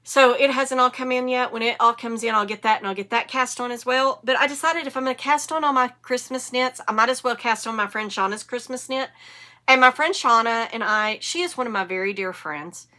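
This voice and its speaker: Woman, 50s, podcast host; bright, clear tone, casual rambling chat with frequent self-corrections. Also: fairly high pitch, brisk.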